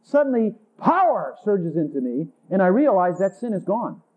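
A man preaches a sermon at a moderate pace, very animated yet intimate in manner. Shifting into a higher voice, he performs conversations with Jesus, and the audio is tinny as if from a phone.

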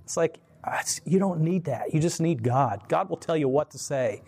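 Animated man talking faith, slightly high voice. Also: normal speed, breathy edge. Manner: animated, laughs often, mimics voices in quoted asides; rambling, many fillers and restarts. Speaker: Christian speaker. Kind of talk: casual faith talk.

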